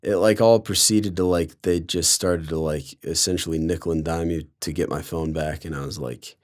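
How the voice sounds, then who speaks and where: Very deep-voiced young man rambling. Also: steady tone, normal speed. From Colorado. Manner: rambling, filler-heavy, sarcastic. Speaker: guest storyteller. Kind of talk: casual storytelling.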